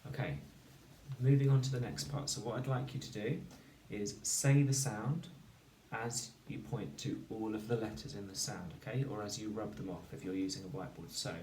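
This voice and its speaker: A man teaching a phonics lesson to children, slowly and clearly sounding out each word. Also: on the low side, fairly even intonation, a little mellow. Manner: slow, clear sounding-out of words. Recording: echoey room, distant mic, faint noise.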